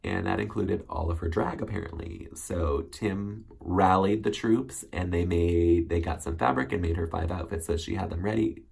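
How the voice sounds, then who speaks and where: A man's voice: low-pitched, moderate pace, creaky, hardly any pauses, darkish tone, slightly rough. A man hosting a solo recap show, chatting casually and rambling with many ums and self-corrections. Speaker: recap host.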